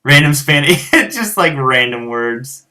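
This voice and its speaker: Rural-accented American man, bright tone, loose rambling live-stream chat as a guitar teacher. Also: mid-range voice, animated, slow. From United States. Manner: rambling, many fillers and restarts. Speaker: guitar teacher and show host. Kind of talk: casual chat answering viewers.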